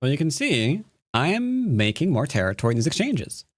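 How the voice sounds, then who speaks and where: A man's voice: on the high side, huge pitch swings, a little fast, no echo, clean studio sound. A man teaching Go while he plays a game live, commenting with jokes and silly asides. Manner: playful, jokey, breaks into silly sing-song nonsense.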